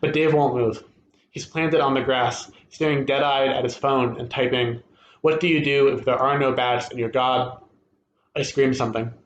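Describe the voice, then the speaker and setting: A man reading a first-person short story aloud at a literary event, steady and expressive. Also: mid-range voice, moderate pace, lo-fi sound, slight background noise. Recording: echoey room with faint ambience.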